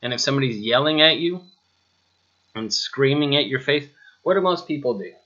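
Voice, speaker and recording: A man's voice: medium pitch, expressive, normal speed, sharp tone, dull audio. A man teaching a spoken lesson, talking straight to the listener with rhetorical questions and a touch of sarcasm. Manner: mildly sarcastic asides. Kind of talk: spoken lesson over slides.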